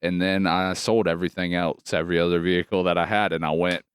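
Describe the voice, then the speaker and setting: Deep, smooth-voiced man telling stories. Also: fast, no room sound, studio quality. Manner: profane, animated storytelling. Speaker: podcast co-host. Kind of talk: casual chat.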